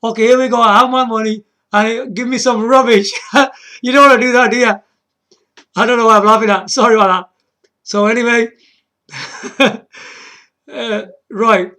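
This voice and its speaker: A man's voice: very high-pitched, steady tone, moderate pace, long pauses, sharp tone. A man hosting a gaming video in casual, rambling commentary, often checking in with the viewer and chuckling at himself. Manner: frequent restarts and chuckles.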